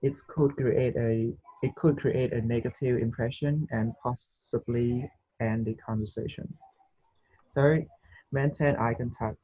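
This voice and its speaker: A man reads a textbook passage aloud in an online English lesson, carefully and with a few restarts. His voice is husky, and the sound is dull and lo-fi. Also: medium pitch, fairly even intonation, measured pace, no room sound. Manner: careful reading with small restarts. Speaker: student. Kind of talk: reading a text aloud in class. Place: video call.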